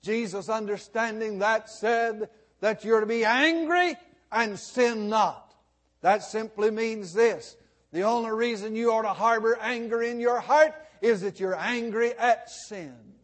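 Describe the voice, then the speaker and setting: A man preaching a sermon as pastor, slow and dramatic, his voice swelling loud and then dropping almost to a hush. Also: high-pitched.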